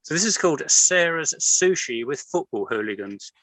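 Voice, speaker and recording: Bright-voiced man reading poems. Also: on the high side, moderate pace, dry recording, poor audio. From Liverpool, England. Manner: expressive storytelling reading. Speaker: guest poet and artist. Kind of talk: reading his own poems aloud.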